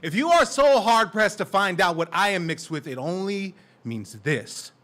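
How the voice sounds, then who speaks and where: A man's voice: lively intonation, moderate pace. Fiery male spoken word poet. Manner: confrontational, profane, swings from low asides to loud shouted lines. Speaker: open mic poet. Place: live open mic venue, indoors.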